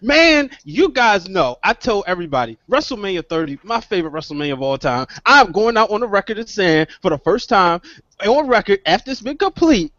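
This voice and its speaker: Overexcited man with a lively high voice. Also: fast talker, dry recording. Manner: overexcited, exclaiming, laughing. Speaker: podcast co-host. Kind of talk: excited wrestling podcast chat. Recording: dry, dull lo-fi call audio.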